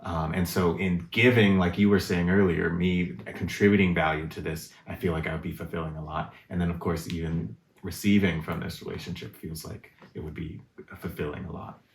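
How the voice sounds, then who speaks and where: A man's voice: low-pitched, steady tone, fairly quick, a little hiss or hum. A man talking in a reflective casual conversation, thinking aloud and searching for his words. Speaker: guest in a conversation on relationships. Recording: roomy echo.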